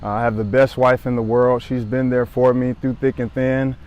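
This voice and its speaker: Man in his thirties, from Southern California, earnest, halting, repeats himself, mid-pitched voice. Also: flat delivery, darkish tone. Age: 30s. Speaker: former pro football player sharing his story. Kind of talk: personal testimony to camera.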